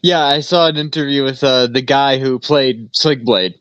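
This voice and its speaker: A man's voice: mid-range voice, moderate pace, a bit bright, dry recording. A man co-hosting a casual podcast, telling rambling stories full of fillers and swearing. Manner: rambling storyteller, swears freely, lots of fillers. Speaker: podcast co-host. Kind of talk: casual chat. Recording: dull lo-fi sound.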